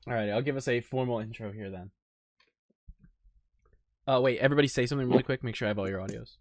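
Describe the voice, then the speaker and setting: A man's voice: medium pitch, fast. A man hosting a casual livestreamed gaming podcast, introducing guests in an upbeat way. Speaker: podcast host.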